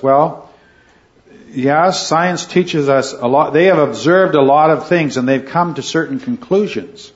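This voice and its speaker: A man's voice: medium pitch, unhurried. A man teaching a Bible study class to a group, earnestly checking in with "right?" and "okay" as he leads the discussion. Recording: dull lo-fi recording.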